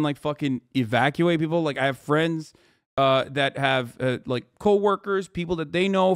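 A man's voice: high-pitched, dry recording, clean studio sound. A man streaming live, reacting in a heated, profane rant. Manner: angry, profane ranting.

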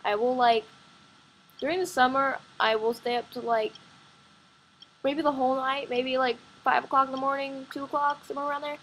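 A woman chatting excitedly and rambling with lots of fillers while playing a computer game at home, recorded on her computer microphone. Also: high-pitched, normal speed, slight background noise, rough recording. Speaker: gaming vlogger.

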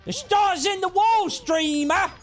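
A man voicing a pushy male backseat gamer with a put-on accent who barks loud, bossy coaching. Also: extremely high pitch, takes it slowly, soft background music, voice pushed up.

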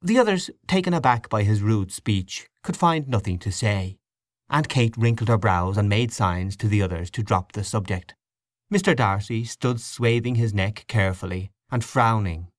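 A man reading a literary short story aloud as an audiobook narrator, in a measured, expressive way. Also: fairly low pitch, no echo.

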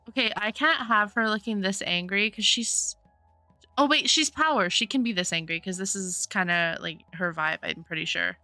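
A woman streamer with a bright voice chats casually over her gameplay and pours out effusive thanks to her viewers. Her voice is close and dry on a desk microphone, with faint game music underneath. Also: medium pitch, unhurried, no room sound. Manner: gushing, effusive thanks to chat. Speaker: streamer playing a life-sim game. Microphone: desktop USB microphone.

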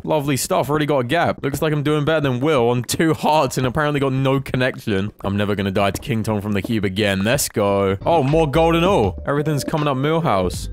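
A young man giving casual, self-deprecating commentary over his own gameplay, with sudden excitable outbursts. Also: mid-range voice. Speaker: gaming YouTuber.

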